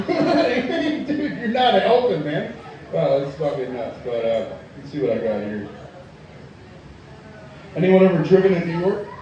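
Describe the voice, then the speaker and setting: A man performing a profane stand-up comedy set in a tavern, telling loud rants and chatting with the crowd. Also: on the high side, very animated, a little slow, pauses often, highs cut off, slight background noise. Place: tavern stage. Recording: echoey room from far off.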